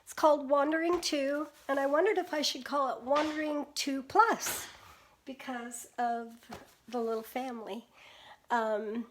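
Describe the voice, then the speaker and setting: High-voiced older woman chatting on a live stream. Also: unhurried, a little hiss or hum. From Pacific Northwest US. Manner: chatty, greets viewers, laughs often. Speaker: painter hosting a live stream. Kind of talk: casual live-stream chat.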